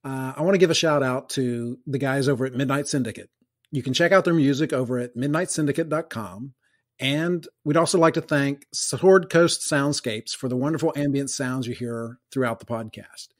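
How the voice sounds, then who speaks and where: A man's voice: medium pitch, moderate pace. A man hosting a tabletop game podcast, reading the intro and then telling stories in casual chat, laughing often. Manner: chatty storyteller, laughs often. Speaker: podcast host.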